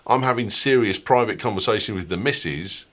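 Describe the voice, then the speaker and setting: A man's voice: on the low side, a little fast, fairly bright tone. A man co-hosting a tech podcast, teasing and challenging his co-host in casual banter. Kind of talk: casual chat.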